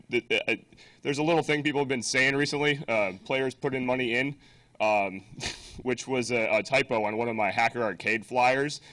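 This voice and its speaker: A man's voice: mid-range voice, a bit bright. A man running the closing of a conference from the stage, chatty and loose, swearing casually as he talks. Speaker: conference organizer.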